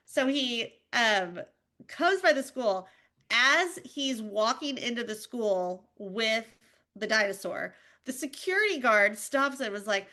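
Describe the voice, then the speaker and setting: A woman in her thirties spins a lively parenting story with plenty of ums and restarts. Her voice is bright and forward and sits a little high. She is a podcast co-host in an easy, casual chat. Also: a little slow. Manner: animated storytelling with many fillers.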